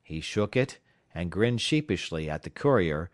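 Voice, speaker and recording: Low-voiced male audiobook narrator. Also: no echo, studio quality. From South Carolina. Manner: measured, steady storytelling.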